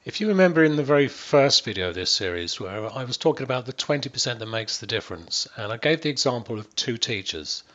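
An earnest man coaching on wellbeing, speaking to the camera at an ordinary, middling pitch. He leans on key words and repeats them for emphasis. The recording sounds a little dull and muffled. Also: big pitch swings, quick pace, few pauses, fairly bright tone.

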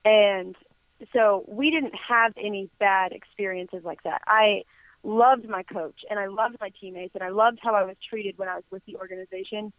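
A woman's voice: mid-range voice, fairly even intonation, normal speed, dry recording. A woman from Kansas calling in as a guest, answering questions in an earnest, friendly, plain-spoken way. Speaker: guest caller. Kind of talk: casual call-in interview. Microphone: phone. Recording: tinny phone line.

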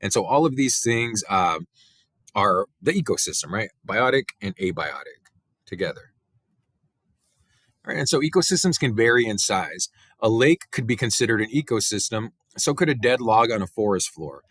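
A male teacher giving a relaxed biology lecture, talking through slides with many fillers and "right?" tags. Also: fairly low pitch, normal speed, no echo. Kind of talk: recorded classroom lecture.

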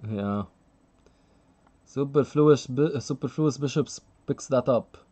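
A man's voice: mid-range voice, slow, warm tone, slightly rough. A man commentating live chess on a stream, chatty and thinking aloud, laughing often and reading out the chat.

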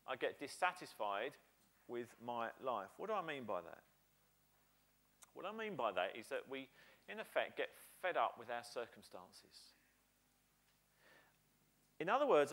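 A British man delivers a church sermon in a lively, rising-and-falling voice pitched a little above the usual male range. He tells the story with animated emphasis. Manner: animated preaching, acting out quoted voices with slowed emphatic lines. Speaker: pastor.

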